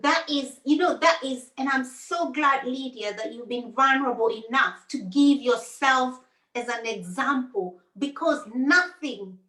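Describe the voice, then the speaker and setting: A woman with a high voice speaks as a psychiatrist guest on a talk show. She gives calm, encouraging advice and repeats her key phrases for weight. Her voice carries a roomy echo. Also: unhurried.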